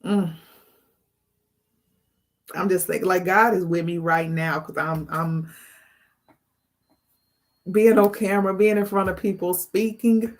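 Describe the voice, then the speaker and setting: Slow, earnest woman life coach. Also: lowish voice, steady tone. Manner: earnest and emotional, repeats phrases. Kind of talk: heartfelt spiritual talk to camera. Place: indoors, on camera.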